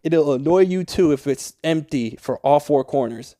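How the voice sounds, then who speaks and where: A man's voice: a little high, normal speed, warm tone, no room sound, clean studio sound. A young man talking through a game tutorial in a casual, rambling way, swearing often and easily annoyed. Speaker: Minecraft tutorial creator. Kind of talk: casual gameplay tutorial voice-over.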